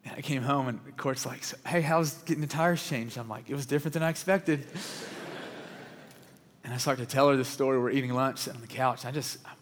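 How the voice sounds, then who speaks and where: An earnest male pastor delivers a sermon woven with stories, speaking briskly and frequently letting his voice sink low and quiet. His pitch stays in an ordinary middle range, and the long reverb of a large hall surrounds the sound.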